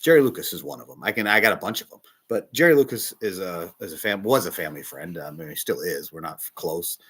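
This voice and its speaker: Animated bishop preaching, lively husky voice. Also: male voice, sits low, quick pace. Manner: emotional personal testimony, animated and confiding. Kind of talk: sermon.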